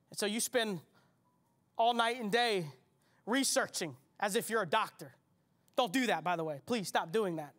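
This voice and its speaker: A man's voice: high voice, moderate pace, fairly bright tone. Emphatic preaching pastor, man. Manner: preaching with repetition and rising emphasis; conversational, asks the congregation questions. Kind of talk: sermon.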